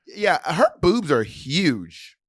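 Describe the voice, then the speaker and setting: A man co-hosting a casual chat, animated, profane and giggly. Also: a little high, extremely slow, no room sound, clean studio sound. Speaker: co-host. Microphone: desk mic at a computer, streaming live.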